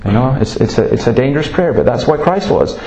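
A man's voice: mid-range voice, animated, fast, creaky, dark tone, lo-fi sound. A man preaching with earnest emphasis and a mid-range voice. He leans into the points he stresses and slips into stories as he goes. The sound carries a roomy echo. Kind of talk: sermon. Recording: roomy, echoey room sound.

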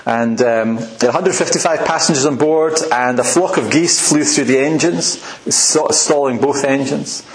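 A man preaching a sermon in a relaxed, chatty way, often laughing at his own asides. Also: medium pitch, moderate pace, hardly any pauses, reverberant, low-quality recording. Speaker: pastor.

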